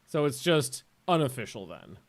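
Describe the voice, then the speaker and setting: A man streaming a game and chatting casually, rambling, swearing and getting excitable. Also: medium pitch, moderate pace. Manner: rambling, profane and excitable, often laughing. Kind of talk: casual chat while livestreaming a game.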